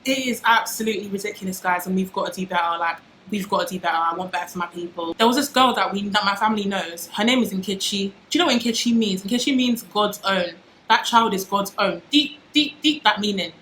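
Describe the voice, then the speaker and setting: A woman's voice: medium pitch, a bit bright. A young woman with a British accent talks straight to her viewers, passionate and dramatic, and she repeats phrases for emphasis. The room around her sounds echoey, with a faint hum of ambience in the background. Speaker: vlogger. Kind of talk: casual talk to camera.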